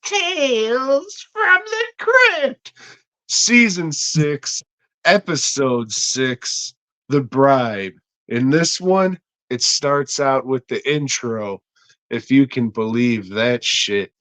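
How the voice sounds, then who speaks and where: A man's voice: mid-range voice, takes it slowly, fairly bright tone, dry recording. A man hosting a podcast, reading a joking ad and then rambling crudely through an episode review. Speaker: podcast host. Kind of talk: casual episode review with ad read.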